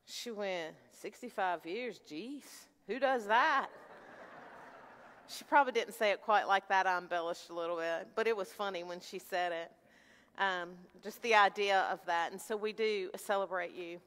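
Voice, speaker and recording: A woman's voice: mid-range voice, fairly even intonation, fairly quick, a bit bright, a little hiss or hum. A woman pastor leading prayer, heartfelt and informal, close to tears. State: near tears. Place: church sanctuary. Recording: hall reverb with faint music.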